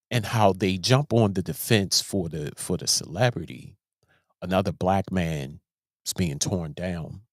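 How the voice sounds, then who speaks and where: A man's voice: deep voice, unhurried, no echo, clean studio sound. A man hosting a show, giving casual commentary in an emphatic way, often repeating and restarting his words. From Baltimore, USA. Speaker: host.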